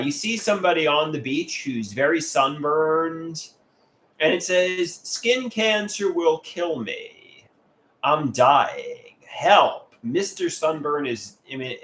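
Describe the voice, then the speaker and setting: A man's voice: mid-range voice, a bit bright. A man doing a casual livestream, sharing artwork and reading viewer comments aloud in a candid, plain way.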